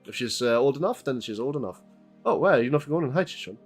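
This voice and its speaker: A man's voice: mid-range voice, expressive, fast, soft background music. A young man streaming a game, chatting to his viewers in a rambling, joking way and reading the game's text aloud. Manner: rambling, chatty, thanks chat members, swears.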